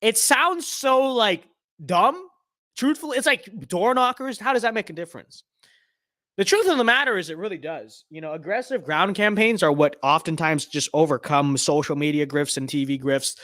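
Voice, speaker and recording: A man's voice: fairly high pitch, a bit bright, no room sound, clean studio sound. A young man streaming a game, giving casual rambling commentary with tongue-in-cheek bragging.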